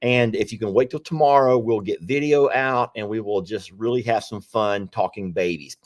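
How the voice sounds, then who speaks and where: A man's voice: medium pitch, lively intonation, normal speed, a bit bright. A man hosting a casual live stream, teasing and laughing often. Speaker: livestream host.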